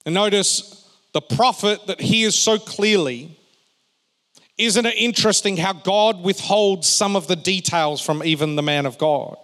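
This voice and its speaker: A male pastor delivers a sermon in a large church hall, his fairly high voice ringing out with a long reverb tail. He talks slowly and deliberately, leaning hard on key words, then drops to quiet, joking asides with the congregation.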